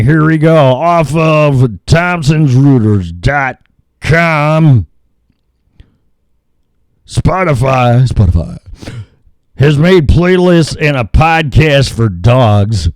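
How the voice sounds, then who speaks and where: Male radio talk host, ad-libbing and cursing, sings nonsense fillers, swooping pitch. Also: darkish tone, no echo, studio quality. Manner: crude, rambling, sings filler noises. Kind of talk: casual ad-libbed radio talk.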